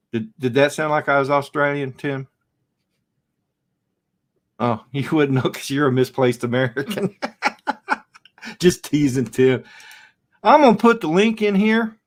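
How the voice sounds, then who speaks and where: A middle-aged man hosting a casual live stream from home, rambling and chatting back to viewer comments in front of his camera. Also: on the high side. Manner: slow, rambling, reads out and answers viewer comments. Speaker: livestream host.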